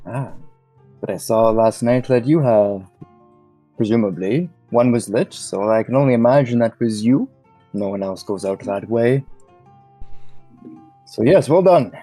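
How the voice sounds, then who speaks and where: A man narrating a tabletop game as game master in a calm, measured way. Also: mid-range voice, soft background music, poor audio.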